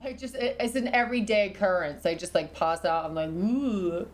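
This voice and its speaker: A young British woman, her accent softened by years in America, chatting casually on a livestream and reading out her chat. She giggles a lot, swears freely and coos at her dog. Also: fairly low pitch, quick pace, soft background music. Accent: British, partly American after years in the US. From Britain.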